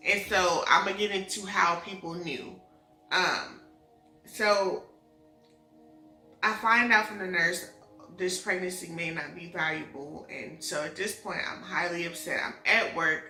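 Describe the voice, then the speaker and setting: A young woman with a bright, slightly low voice tells a personal story in a relaxed, chatty way, acting out the back-and-forth as she goes. She sounds like she is in an echoey room, with faint music underneath. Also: a little slow. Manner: emotional, animated retelling with quoted dialogue. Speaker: vlogger telling her pregnancy story. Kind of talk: casual storytime chat.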